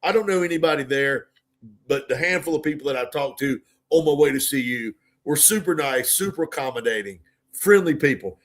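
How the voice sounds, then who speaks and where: A male podcast co-host, telling stories in a loose, animated way and swearing freely. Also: medium pitch, fairly quick. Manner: animated storyteller, swears freely, acts out other voices. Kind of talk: casual storytelling chat.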